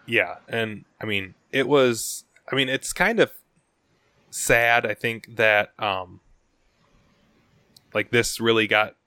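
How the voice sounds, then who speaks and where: A man's voice: mid-range voice, slow, long pauses, pushed and bright, clean tone, no echo, clean studio sound. A man co-hosting a casual movie discussion, agreeable and chiming in with short replies. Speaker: podcast co-host.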